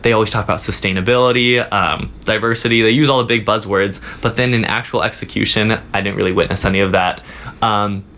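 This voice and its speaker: A young man, a student guest in a casual interview, telling a story in a halting way with many fillers. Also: fairly low pitch, fairly even intonation, pushed and bright, slight background noise. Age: young adult. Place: office.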